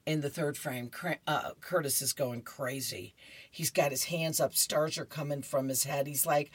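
A woman's voice: sits low, moderate pace, breathy edge, dry recording. A woman reading horoscopes and comics aloud for a radio reading service, with cheerful chatty asides.

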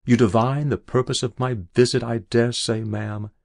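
A man's voice: medium pitch, fairly even intonation, normal speed, vocal fry, darkish tone, no room sound, clean studio sound, close to an everyday voice. A man voicing a bitter, raging old miser uncle in an audiobook, scornful and snarling. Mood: sarcastic. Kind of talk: audiobook character voice.

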